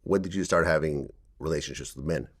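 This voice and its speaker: A man's voice: very deep voice, a little fast, slightly rough, no echo, clean studio sound. A man interviewing a guest, asking direct, brief prompting questions.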